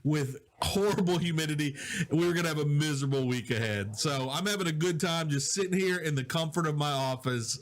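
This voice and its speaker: A man with a somewhat high voice hosts a live stream from his home office. He chats easily, greets viewers and reads their comments aloud. His mic is quiet and a little weak. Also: a little fast. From Southwest Louisiana. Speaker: digital host. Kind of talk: casual live-stream chat. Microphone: low-volume mic with problems.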